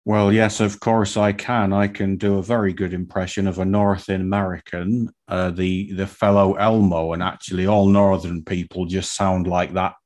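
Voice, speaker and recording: A man's voice: sits low, flat delivery, normal speed, few pauses, a little mellow, close to an everyday voice. A man playing Tristan, a pompous, worldly-wise male pasty, in a comic game show. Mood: boastful. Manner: pompous, grandly self-assured.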